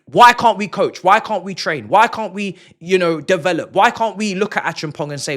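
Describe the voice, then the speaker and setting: A young man talks through a football match like an excited fan. His voice sits fairly high and bright, and it swings up and down a lot. He is playful and keeps repeating words for emphasis. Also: fairly quick, hardly any pauses. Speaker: football channel host.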